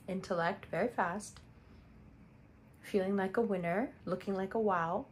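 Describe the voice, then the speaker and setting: A woman's voice: mid-range voice, measured pace, pauses often. Chatty woman giving a tarot reading. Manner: chatty, direct, repeats phrases for emphasis. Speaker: tarot reader. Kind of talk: casual astrology reading.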